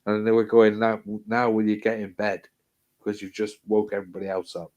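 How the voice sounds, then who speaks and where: A man's voice: on the low side, little pitch movement, fairly quick, darkish tone, dull audio. A man telling a hospital story in casual chat, swearing freely, repeating himself and acting out what people said.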